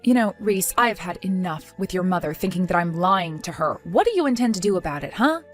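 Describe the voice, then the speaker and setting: A woman's voice: on the low side, expressive, a little fast, faint music behind, natural voice. A woman voicing a defensive, exasperated young wife in a text-story drama, pleading and indignant.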